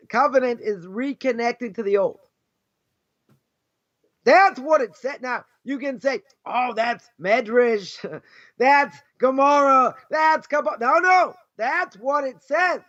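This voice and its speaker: Emphatic high-voiced Boston rabbi teaching. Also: male voice, a bit bright. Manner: emphatic, rhetorical, repeats key phrases. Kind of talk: informal Torah lesson. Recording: dull lo-fi recording.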